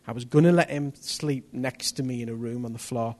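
A man preaching a testimony sermon, telling his story in an animated way that rises to near-shouts at the tense moments. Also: medium pitch, a little fast.

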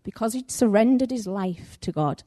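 Woman giving an informal, anecdote-driven sermon at a natural middle pitch. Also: normal speed. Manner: animated, conversational, acts out the story's voices. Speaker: preacher. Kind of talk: sermon with storytelling.

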